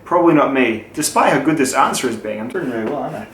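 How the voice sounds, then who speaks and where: A man's voice: mid-range voice, lively intonation, quick pace, a bit bright. Joking young Australian man in an echoey room. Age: young adult. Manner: loose, joking, swears freely. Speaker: channel host. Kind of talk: casual Q&A chat. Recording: echoey room with faint noise.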